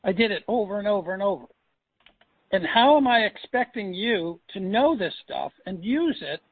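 On a dry phone line with no echo, a sales coach drives points home to his trainees by repeating them emphatically. His voice sits high and sounds animated and slightly rough, at a moderate pace.

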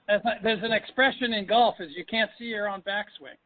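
Here the sales coach talks briskly in a high voice, barely pausing, as he coaches trainees on a dry phone line. He stays emphatic, restating things for stress.

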